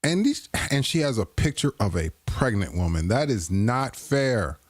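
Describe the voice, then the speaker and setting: In studio-quality audio with no room sound, a man hosting a live stream reacts to clips in a very animated, mid-range voice at normal speed. His casual commentary is playful and crude, and he keeps bursting out laughing.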